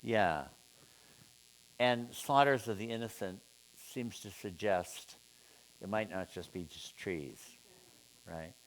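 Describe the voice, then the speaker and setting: A man leading an informal seminar, musing aloud and putting questions to his students in a relaxed way. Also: lowish voice, takes it slowly, pauses often. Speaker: seminar teacher.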